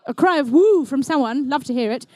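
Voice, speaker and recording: A woman's voice: high-pitched, fast talker, no room sound. A woman commentating a live indoor competition and emceeing it, with playful, jokey banter aimed at the crowd.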